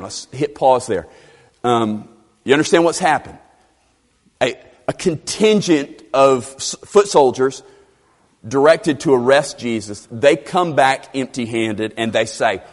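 A man preaching an expository sermon, emphatic and animated, repeating phrases for stress. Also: mid-range voice, slow. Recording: long reverb of a large hall.

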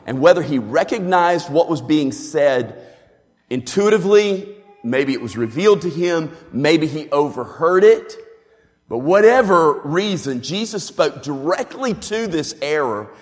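A man's voice: fairly high pitch, expressive, unhurried. A man preaching a sermon as a pastor, earnest and emphatic in a teaching way. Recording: long hall reverb.

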